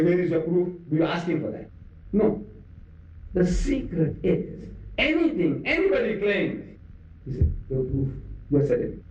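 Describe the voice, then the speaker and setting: Older South African man preaching in an echoey hall. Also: on the high side. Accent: South African Indian English. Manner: animated storytelling, acting out dialogue and questioning the audience. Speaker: lecturer. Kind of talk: public religious lecture. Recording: dull, echoey hall recording from far off.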